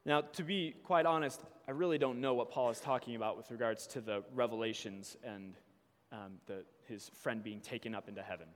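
A man delivers a sermon in a church, reading scripture at a measured pace before pressing his points with growing fervor. His voice sits at an ordinary pitch, and a long reverb trails each phrase through the hall. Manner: reads scripture slowly, then preaches with rising intensity. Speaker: preacher.

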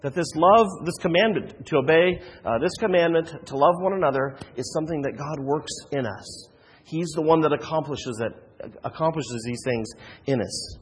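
A man's voice: on the high side, moderate pace, in a large hall, slight background noise. A man preaching a sermon as a pastor, earnest, with frequent restarts and rhetorical questions.

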